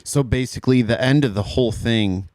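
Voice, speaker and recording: A man's voice: medium pitch, a little fast, a little mellow, dry recording. A man hosting a podcast, reacting briefly and nudging his guest's story along. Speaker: podcast host. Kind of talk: casual chat.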